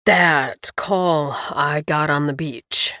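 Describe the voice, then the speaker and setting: Woman voicing a soft-spoken worried husband. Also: low voice, extremely slow, dry recording, studio quality, voice pushed down, full character voice. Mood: worried, tender. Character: tender worried husband, adult man.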